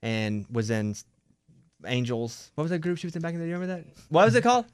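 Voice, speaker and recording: A man's voice: fairly high pitch, very animated, smooth, dry recording. A man from Arkansas hosting a radio show, chatting casually and steering the talk in a studio. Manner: chatty, quick, steering the conversation. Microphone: studio microphone.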